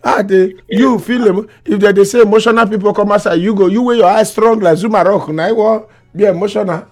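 A high-voiced Nigerian man chats and teases in a loose, joking way. He laughs often and mockingly repeats what the other speaker says. Soft music plays faintly behind him. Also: fairly even intonation, quick pace. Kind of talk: casual teasing chat in Pidgin.

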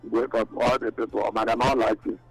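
Gravelly-voiced Nigerian man calling in. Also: mid-range voice, level tone, a little fast. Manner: calls out long greetings to listeners by name. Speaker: caller. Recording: phone call into radio show with music.

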